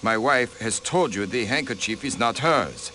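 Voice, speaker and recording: An actor voicing a haughty aristocratic diplomat, a count, who answers in a cold, dismissive way, in a video game. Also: male voice, mid-range voice, animated, normal speed, bright, forceful tone, slight background noise.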